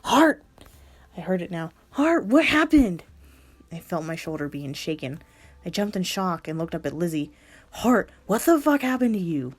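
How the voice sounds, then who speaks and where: A woman voicing a fierce, foul-mouthed female friend who is protective and swears loudly. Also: deep voice, fairly even intonation, a little fast. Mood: angry.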